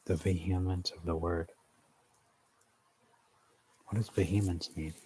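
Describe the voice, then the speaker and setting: A man's voice: low-pitched, fairly even intonation, measured pace, mellow, a little hiss or hum, low-quality recording. A man leading an informal Bible study, thinking aloud as he explains what words mean, with frequent fillers.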